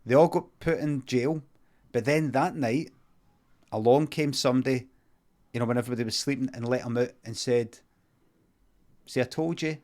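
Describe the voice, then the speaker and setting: A man with a Scottish accent improvising a comic story in a deadpan, rambling, sweary way. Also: mid-range voice, normal speed. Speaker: comedian streamer.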